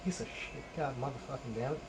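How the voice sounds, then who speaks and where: A man's voice: medium pitch, fast talker, vocal fry. A man in his thirties restringing a guitar in a casual how-to vlog, ranting with sarcastic, exasperated swearing. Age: 30s. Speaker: YouTube host.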